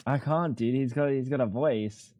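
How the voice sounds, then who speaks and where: Young male streamer, casual and sweary, dry close headset sound, mid-pitched. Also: takes it slowly, no echo, lo-fi sound. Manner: swears freely, rambling and laid-back. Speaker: live streamer. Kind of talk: casual live-stream chat.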